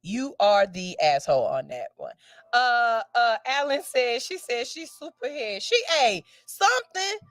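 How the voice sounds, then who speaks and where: A woman's voice: on the high side, big pitch swings, a little slow, a bit bright, no echo. A woman radio host reads out a listener's letter and gives a blunt, sassy, profane verdict with theatrical outbursts.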